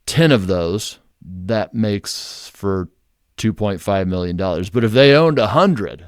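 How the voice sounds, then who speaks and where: A man's voice: fairly low pitch, expressive, a little slow, a little mellow, no echo, clean studio sound. A man, hosting a real estate investing channel, explaining in a blunt, conversational and emphatic way. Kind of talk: casual explainer to camera.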